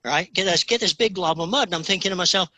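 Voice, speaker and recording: A man's voice: high-pitched, fast, pushed and bright, no room sound, low-quality recording. A man telling stories as an interview guest, rambling with many restarts and often asking "okay?". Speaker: guest, fly tier. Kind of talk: casual interview chat.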